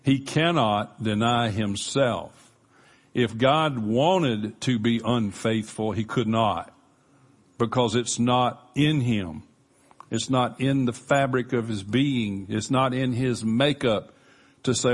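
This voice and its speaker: Male pastor, sermon, slow deliberate delivery, earnest and emphatic. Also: medium pitch, breathy edge. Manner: earnest, emphatic with measured pauses.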